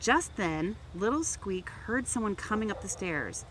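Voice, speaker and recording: A woman reads a picture book aloud for children with a gentle storytelling manner. Her pitch swings widely as she narrates, and faint background hiss sits under her voice. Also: lively intonation, measured pace. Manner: gentle storytelling, raising voice for toy characters. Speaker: volunteer reader.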